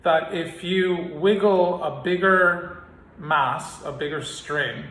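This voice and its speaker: A man's voice: fairly high pitch, slow pace, a bit bright. A man teaching a singing lesson, explaining with analogies and singing scale exercises. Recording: roomy sound with piano behind. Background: piano.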